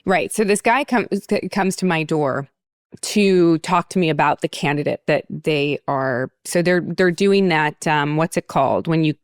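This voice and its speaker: A low-voiced woman hosting a casual podcast chat. She rambles through her stories with plenty of ums and restarts. The sound is dry and close. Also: unhurried, clean tone, dry recording. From United States. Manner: rambling storyteller, many fillers and restarts. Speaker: podcast host.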